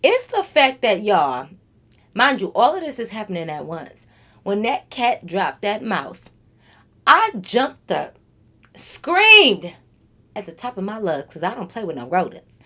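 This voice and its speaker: A woman vlogger telling a storytime monologue straight to her viewers, animated and freely cursing. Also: mid-range voice, normal speed.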